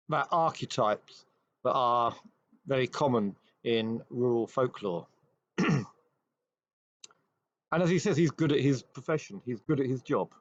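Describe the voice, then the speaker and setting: A man hosting a show, retelling an old ghost story with measured pacing and dramatic pauses. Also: mid-range voice, no echo. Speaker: host. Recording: dry, slightly dull recording.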